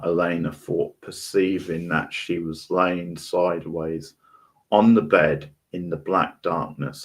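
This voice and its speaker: Male reader, very deep and slow, deliberate novel reading with occasional self-corrections.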